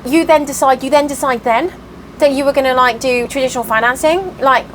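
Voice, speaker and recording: Woman vlogger, higher voice, tired and frustrated, venting to camera. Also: brisk, slight background noise, poor audio. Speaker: cross stitch vlogger. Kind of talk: casual chatty vlog update.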